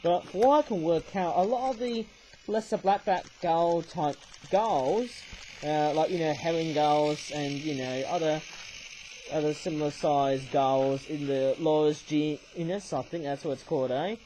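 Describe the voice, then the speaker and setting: High-voiced rambling man reviewing toys. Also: a little slow, dark tone, a little hiss or hum, rough recording. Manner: rambling, tags remarks with "I suppose, eh?"; hesitant, many fillers and restarts. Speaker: toy reviewer. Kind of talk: casual toy review talk.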